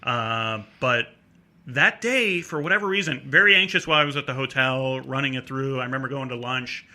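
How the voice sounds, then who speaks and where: A middle-aged comedian from the Midwest telling a rambling, animated story in a casual interview. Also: male voice, medium pitch, a little fast. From American Midwest. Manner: rambling, animated anecdote with acted-out quotes. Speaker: comedian guest.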